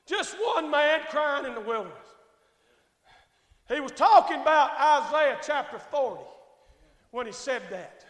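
A middle-aged male pastor preaching a sermon in a church, moving between quiet conversational asides and shouted, drawn-out lines, often calling out to ask if everyone is all right. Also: very high-pitched, animated. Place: church sanctuary. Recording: echoey church hall with long reverb.

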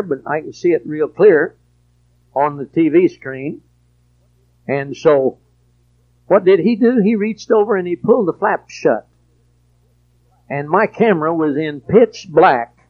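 A man preaching a sermon in a high, unhurried voice. He drops low for storytelling, then rises to loud, emphatic preaching. The recording is dull and lo-fi. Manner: preachy, swings from quiet to shouted emphasis.

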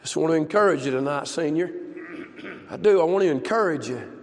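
An older man preaching a folksy, impassioned sermon that builds to shouts. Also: on the high side, animated, fairly quick. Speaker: pastor. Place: church service. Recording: long church reverb.

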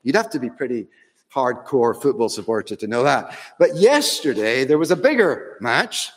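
A man's voice: mid-range voice, very animated, moderate pace, breathy edge, in a large hall. A man preaching a sermon in a church, telling a story in a conversational way with fond humour.

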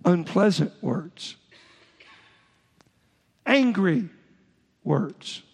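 A male pastor preaches in a high, gravelly, husky voice, driving home each point in short emphatic bursts and stumbling into quick restarts. His words ring out with a long reverb, as if filling a church sanctuary. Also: lively intonation. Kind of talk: sermon.

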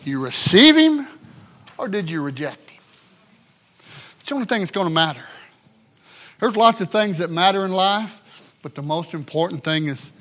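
A man preaching a sermon, swinging between shouted emphasis and hushed, drawn-out passages. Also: sits high, sing-song.

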